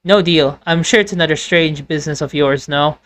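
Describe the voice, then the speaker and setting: A woman's voice: low-pitched, a little fast, voice pushed down, natural voice. A woman voicing a stern male ship captain in a game dub, speaking curtly and skeptically. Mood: dismissive. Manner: curt, skeptical.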